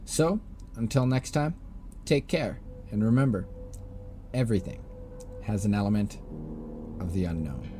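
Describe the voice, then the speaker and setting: A man's voice: on the low side, animated, a little slow, pauses often, over music. Chatty male podcast host. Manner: storytelling, recounting case details with frequent fillers. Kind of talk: casual chat.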